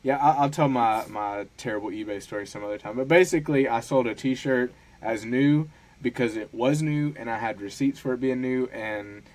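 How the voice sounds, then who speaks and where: A man hosting a podcast, chatting casually in a halting, self-deprecating way with many restarts. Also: medium pitch. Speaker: podcast host. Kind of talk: casual chat.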